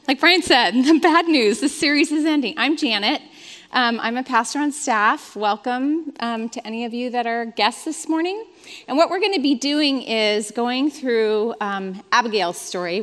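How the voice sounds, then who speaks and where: A woman in her fifties preaches to her congregation, trading an animated, self-mocking story for a quieter prayer. Her voice sits a little high. A long reverb from the church hall trails each phrase. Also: moderate pace. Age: 50s. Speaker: pastor. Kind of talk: sermon.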